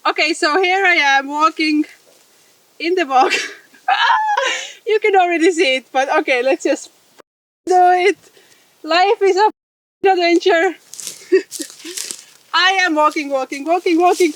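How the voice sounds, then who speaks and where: A high-pitched woman chats to her camera outside, laughing her way through a casual story. Her voice sits a little away from the mic, so it sounds slightly distant and open. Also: expressive, slow, pauses often, sharp tone, slight background noise. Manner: giggly, laughs often while telling the story. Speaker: photographer and vlogger. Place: outdoors by a bog, with bugs around. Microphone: camera mic, filmed outdoors.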